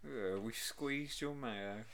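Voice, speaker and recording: A man's voice: medium pitch, slow, a bit bright. A man co-hosting a podcast, delivering dry, mock-serious quips in casual banter. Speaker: podcast co-host.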